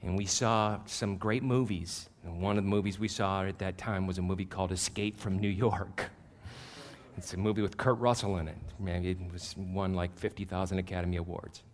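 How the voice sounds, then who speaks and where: A man in his fifties, a pastor, preaching a sermon through animated, self-deprecating personal stories that get loud at the punchlines. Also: low voice, normal speed, a little hiss or hum. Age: 50s.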